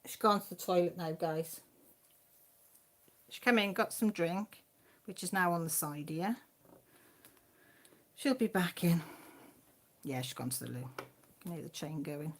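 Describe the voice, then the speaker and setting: Chatty English woman hosting from home. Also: on the low side. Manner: chatty, rambling, quick to laugh. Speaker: craft channel host. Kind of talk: casual live chat.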